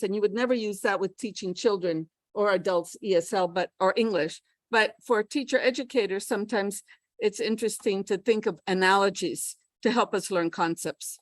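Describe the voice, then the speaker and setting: A woman's voice: mid-range voice, no room sound. An older woman giving a live pronunciation workshop for teachers, chatty and demonstrating sounds aloud. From United States. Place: classroom.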